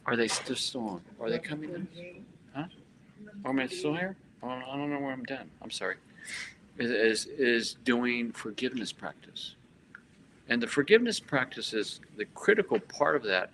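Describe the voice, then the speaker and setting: A man leading a guided meditation with chanted mantras, then talking about practice with frequent halting repeats. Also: medium pitch, lively intonation, background noise. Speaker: spiritual teacher. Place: hotel expo hall.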